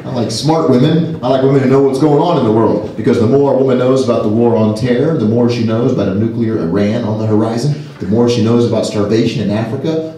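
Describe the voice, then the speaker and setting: A man doing a stand-up comedy set to a live audience, self-deprecating and quick to jump into silly high voices. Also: dark tone. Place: large hall with a live audience. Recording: echoey hall from afar, crowd laughter.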